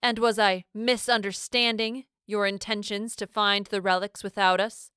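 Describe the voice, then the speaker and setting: A woman's voice: medium pitch, little pitch movement, normal speed, bright, forceful tone, clear, resonant tone, no room sound, clean studio sound, natural voice. A woman voicing a cruel female leader who speaks with false sweetness and hisses in anger. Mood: mocking.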